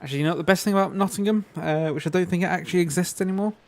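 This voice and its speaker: A man's voice: sits high, very fast. Rambling English man chatting while gaming. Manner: rambling, anecdotal, many fillers. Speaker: streamer. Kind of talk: casual chat while gaming.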